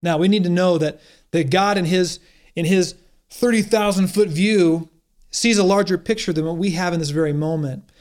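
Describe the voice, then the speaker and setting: A man's voice: high voice, moderate pace, darkish tone. A man preaching a sermon in an earnest, encouraging way, often restarting his phrases. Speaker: pastor.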